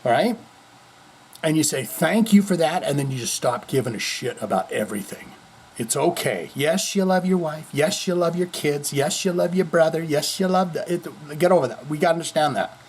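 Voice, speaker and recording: Slightly high with a breathy edge, this man's voice runs at normal speed as he hosts his home heavy metal news podcast. His talk is rambling, jokey and profane, with abrupt jumps in loudness, and people can be heard shifting things nearby.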